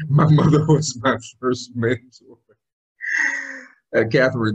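A man's voice: medium pitch, takes it slowly, long pauses, husky, rough recording. A middle-aged man, a motivational speaker, telling his personal story in an interview in an emphatic, earnest way.

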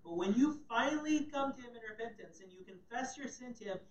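A male pastor preaching a sermon, heard from some distance in an echoey sanctuary. He swings between loud, emphatic readings and hushed, low asides. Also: animated, fast talker. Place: church sanctuary. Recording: echoey room, mic at a distance.

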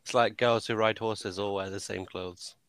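A man's voice: lowish voice, fairly even intonation, normal speed, a bit bright, clear, resonant tone, dry recording. A man in casual chat, reacting to stories with blunt, sweary comments.

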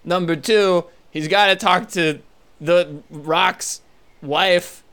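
Male player as an eager little forest creature, high and clean-voiced. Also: slow pace, sharp tone, clear, resonant tone, heavily acted. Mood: pleading. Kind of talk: tabletop role-play.

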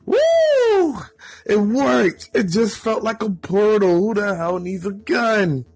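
Storybook role: a man playing a cocky, excitable teen boy, raised pitch, loud and husky. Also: measured pace, faint music behind, exaggerated voice. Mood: excited.

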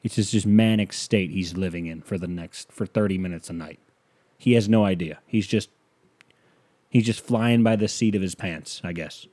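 A man's voice: deep voice, normal speed, warm tone. A young man from Northeast Ohio hosting a solo podcast, ranting with sarcastic exasperation and the odd curse. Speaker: podcast host. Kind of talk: solo comedic podcast rant.

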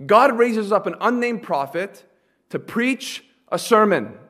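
A man preaching a sermon, asking the congregation questions and swinging between soft asides and loud, emphatic lines. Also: sits high, expressive, unhurried. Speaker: pastor.

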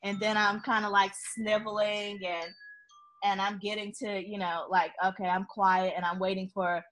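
Animated woman telling a story, laughing often. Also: medium pitch, normal speed. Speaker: guest. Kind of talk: casual conversational storytelling.

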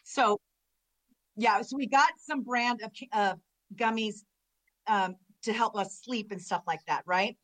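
A woman co-hosting a podcast, telling a rambling, animated story in casual chat. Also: mid-range voice, measured pace, dry recording, rough recording. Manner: animated, rambling storyteller who laughs a lot. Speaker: podcast co-host.

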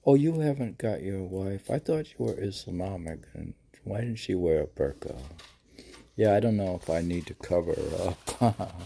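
A deep, gravelly, dark-toned man speaks expressively at a moderate pace, with slight background noise. Hosting his podcast, he reads poetry casually and debates himself in self-mocking questions and answers.

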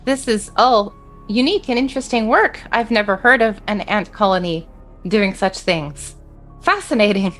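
A woman's voice: medium pitch, moderate pace, a bit bright, faint music behind. A woman playing a tabletop role-play in character, speaking politely and deferentially. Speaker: player.

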